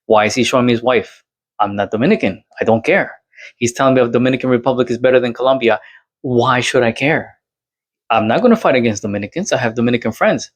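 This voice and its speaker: A Latin American man hosting his own channel rants to camera in response to another creator, casual and exasperated, firing off rhetorical questions. His voice is medium-pitched and quick.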